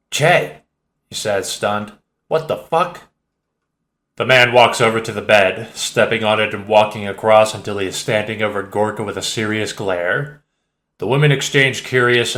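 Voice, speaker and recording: Man, audiobook narration, measured reading, low voice, roomy echo. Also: fairly bright tone. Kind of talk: scripted narration.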